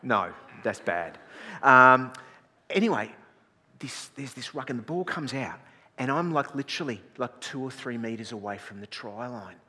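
A man's voice: medium pitch, lively intonation, moderate pace, bright, forceful tone, breathy edge. Man preaching in a reverberant hall. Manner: self-deprecating, chatty, many restarts. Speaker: pastor. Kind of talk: storytelling sermon. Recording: long reverb in a large hall.

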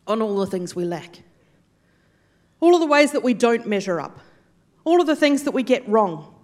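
A woman preaching a sermon, telling stories animatedly and acting out the quotes. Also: fairly high pitch. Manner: storytelling, animated, acts out quotes.

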